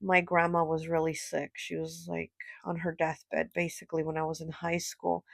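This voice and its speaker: A woman's voice: on the low side, vocal fry, dry recording, clean studio sound. A woman giving a casual pick-a-card tarot reading, rambling and repeating herself with many "like" and "you know" fillers. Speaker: tarot reader.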